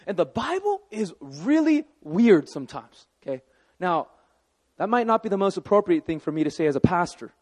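High-voiced pastor preaching in a hall. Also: male voice. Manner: animated, conversational preaching with asides to the congregation. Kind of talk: sermon.

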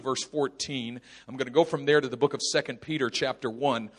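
Guy preaching at a retreat, kinda high voice, reads verses slow then gets loud and fired up. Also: big-room sound. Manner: builds from quiet reflection to emphatic preaching, reads scripture slowly. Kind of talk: sermon.

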